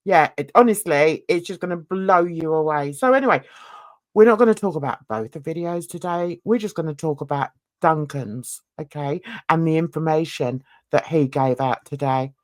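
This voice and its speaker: A woman's voice: low voice, moderate pace, no echo, studio quality. A woman hosting a crime reaction channel, talking in a chatty, exclamatory, rambling way while nursing a toothache. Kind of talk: casual reaction vlog chat.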